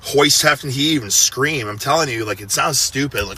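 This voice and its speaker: A man's voice: medium pitch, expressive, brisk, few pauses, pushed and bright, a little hiss or hum. A man of thirty giving a casual, profane motivational pep talk, intense and full of gym bravado. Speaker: fitness personality giving a personal message.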